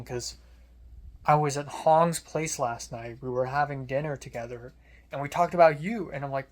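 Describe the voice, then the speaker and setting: Telling a rambling story, this young American vlogger speaks at a medium pitch with a slightly mellow tone. The delivery stays offhand and sardonic, dotted with rapid side comments.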